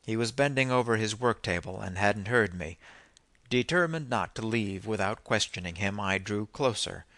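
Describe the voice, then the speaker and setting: Low-voiced man reading an audiobook. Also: expressive, normal speed, a bit bright, dry recording. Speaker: audiobook narrator. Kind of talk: scripted first-person narration.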